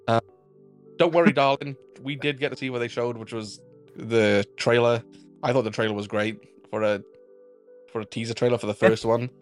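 A Welsh man co-hosting a casual chat, enthusiastic and quick to laugh. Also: medium pitch, steady tone, soft background music. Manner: enthusiastic, news-sharing, laughs often. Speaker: podcast co-host.

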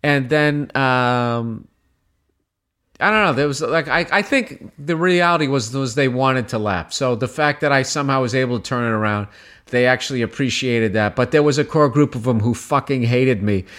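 A man, a comedian guest, telling a story in casual chat, profane and animated, acting out shouted quotes. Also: mid-range voice, normal speed.

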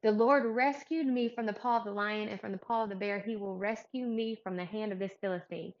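A woman voicing a bold, indignant young male shepherd in a retold Bible story, her voice rising high and loud. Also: steady tone, brisk, dull audio, close to an everyday voice. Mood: determined.

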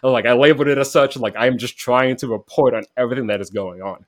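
Talking fast in a mid-range voice, a man appearing as a podcast guest tells a loose, meandering tale about an online game. "Like" pops up constantly, and he performs the quoted voices himself. There's no room sound at all.

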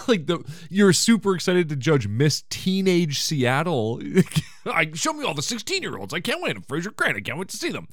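A man's voice: mid-range voice, fairly bright tone, no room sound, clean studio sound. Joking man hosting a podcast. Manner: rambling, joking, sarcastic asides. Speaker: podcast host. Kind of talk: casual comedic episode recap.

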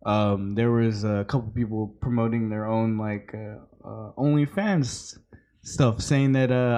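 A man's voice: on the low side, steady tone, a little slow, mellow. A man co-hosting a casual podcast, rambling, swearing and full of fillers. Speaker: podcast co-host.

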